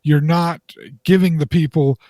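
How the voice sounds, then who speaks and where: A man explains his point on a casual podcast, measured and steady, with fillers as he thinks. His voice is a touch high for a man. He is recorded close up and dry, with no echo. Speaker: podcast co-host.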